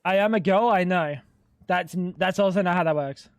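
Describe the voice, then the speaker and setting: A man's voice: high-pitched, moderate pace, smooth, no echo. A man, chatting crudely and rambling as he jokes with his livestream chat. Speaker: streamer. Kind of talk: casual gaming livestream chat.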